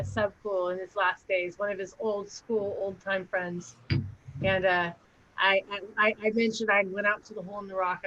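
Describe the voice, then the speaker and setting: A woman's voice: medium pitch, fairly bright tone, dull audio. A woman guesting on a casual podcast, bubbly and giggly, often tripping over her words. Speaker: podcast guest, cannabis grower.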